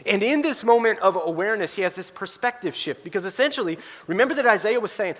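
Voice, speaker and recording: A man pastor preaching a sermon in a church sanctuary, animated and acting out quoted voices. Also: high voice, fast talker, big-room sound.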